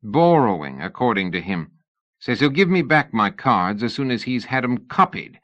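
A man's voice: mid-range voice, very animated, normal speed, a bit bright, no echo, dull audio. A man reading the lines of a streetwise, blunt rogue. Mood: gruff. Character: cocky streetwise London man, gruff and blunt.

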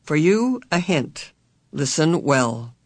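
A man voicing a mysterious old female spirit who speaks in a measured, cryptic way and quotes verse. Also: fairly high pitch, big pitch swings, dry recording, clean studio sound, full character voice. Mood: cryptic solemn. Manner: measured, cryptic, deliberate delivery.

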